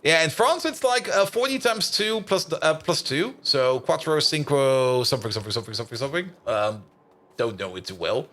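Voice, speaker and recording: A man's slightly high, somewhat bright voice carries lively intonation at a fairly quick pace. Streaming a building game, he gives rambling, casual commentary, thinking aloud and chatting with his audience amid plenty of "like" and "uh."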